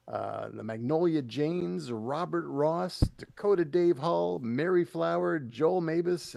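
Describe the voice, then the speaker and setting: A man hosting a live folk concert stream, thanking the artists and announcing upcoming shows in a halting way, full of fillers and restarts. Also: mid-range voice, vocal fry, a little mellow, no room sound. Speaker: festival concert host.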